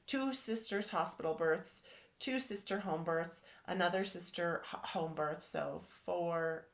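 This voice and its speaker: A woman in her thirties, hosting a podcast and telling a personal story in an animated, emotional way. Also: fairly low pitch, unhurried, vocal fry. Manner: emotional, animated retelling with acted quotes. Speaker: podcast host.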